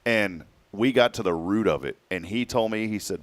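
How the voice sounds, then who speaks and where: Lower-voiced man telling a lively story. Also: normal speed, few pauses, dry recording. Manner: animated storyteller who acts out quoted speech. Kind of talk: casual personal story on a talk show.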